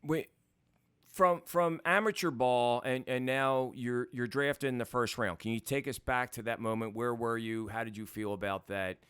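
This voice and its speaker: A man hosting a podcast, asking friendly, halting interview questions. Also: medium pitch, steady tone, fairly bright tone, clear, resonant tone, dry recording. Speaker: podcast host.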